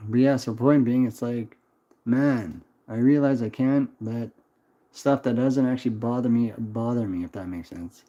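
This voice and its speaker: A young man rambles and swears his way through a casual livestream while answering chat, his voice mellow and dark. The sound is dull and lo-fi, like streaming audio through a modest desktop mic. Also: mid-range voice, normal speed.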